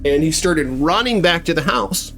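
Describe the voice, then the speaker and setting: A man's voice: a little high, expressive, normal speed, creaky, a bit bright, soft background music. A man telling a horror story in a casual, rambling way, full of fillers and restarts.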